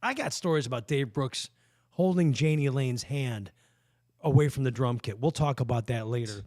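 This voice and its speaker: A man's voice: mid-range voice, normal speed, darkish tone, no echo, studio quality. A middle-aged man co-hosting a casual podcast, rambling through stories with frequent restarts. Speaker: co-host. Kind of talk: casual chat. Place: studio.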